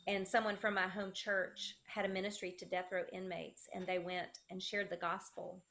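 Middle-aged woman, slow earnest testimony, gravelly fry in the voice. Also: medium pitch, flat delivery, fairly bright tone. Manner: earnest, slow, reads a letter aloud. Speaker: guest sharing her testimony. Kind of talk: emotional personal testimony.

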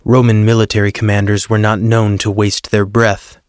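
A man reading a story aloud in a measured, earnest narration. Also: lowish voice, little pitch movement, clear, resonant tone, dry recording, clean studio sound. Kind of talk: scripted narration.

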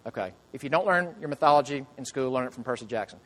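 A man preaching a sermon to his congregation, earnest, asking the listeners question after question and dropping to soft, quiet lines. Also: mid-range voice, animated, fast. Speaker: pastor.

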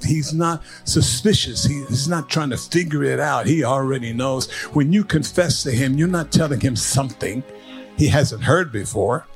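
An older man preaching a sermon, telling stories and swinging from hushed asides to rising, emphatic lines. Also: medium pitch. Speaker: pastor.

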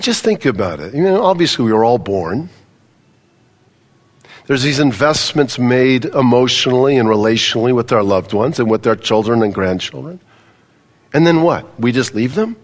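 A man's voice: mid-range voice, breathy edge. An older man preaching a sermon to a congregation, conversational and full of questions to the audience. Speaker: pastor. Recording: long reverb of a large hall.

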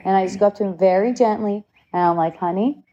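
A woman's voice: medium pitch, fast talker, dark tone, lo-fi sound. A woman in her late forties telling a personal story in casual conversation, candid, laughing often and swearing freely. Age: 40s. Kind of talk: casual chat.

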